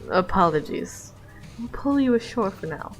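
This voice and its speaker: A woman voicing a calm, gentle ghostly healer spirit in a comic read-along, speaking softly and formally with faint music behind. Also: mid-range voice, normal speed, close to an everyday voice, low-quality recording. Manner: soft, formal, reassuring. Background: faint background music.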